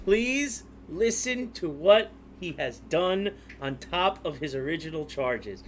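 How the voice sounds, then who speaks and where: A man's voice: fairly high pitch, animated, slow, hardly any pauses, a little hiss or hum. A man hosting a casual commentary over court clips, joking and mocking. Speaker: commentary host.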